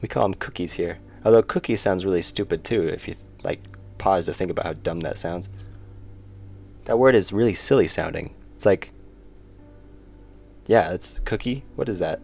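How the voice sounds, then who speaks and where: A man's voice: moderate pace, vocal fry, pauses often, a little mellow. A man, chatting casually on a livestream while he draws, often muttering to himself. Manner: low-key, mutters to himself while working. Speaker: indie game developer streaming. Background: faint background music.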